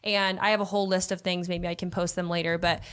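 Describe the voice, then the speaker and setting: A woman's voice: on the low side, little pitch movement, fast, clear, resonant tone. A young woman hosting a casual relationship chat, talking earnestly and at length in a coaching tone. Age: young adult. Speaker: host.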